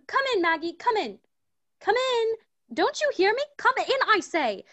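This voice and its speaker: A woman's voice: very high voice, big pitch swings, unhurried, no room sound, heavily acted. A woman voicing a fussy, doting wife and mother who talks in a gushing, coaxing way, as in a radio play. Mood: impatient. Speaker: Mrs. Fountain.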